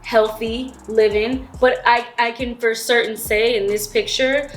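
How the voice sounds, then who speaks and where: A woman's voice: fairly high pitch, steady tone, measured pace, soft background music. A woman in her thirties telling her own story in a candid, chatty vlog, with slangy asides to the viewer. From Florida. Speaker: vlogger.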